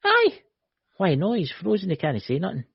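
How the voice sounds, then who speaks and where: Scottish guy on a stream, gravelly husky low voice, dull lo-fi call audio, teasing and joking. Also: huge pitch swings, moderate pace, no echo. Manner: joking, teasing, lots of "you know". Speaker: co-host. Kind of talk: casual live-stream chat.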